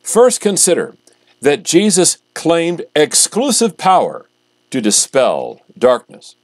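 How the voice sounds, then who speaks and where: Male pastor, sermon reading, lively rising and falling pitch, dry close sound. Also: no room sound. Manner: measured, emphatic reading with slow stressed phrases.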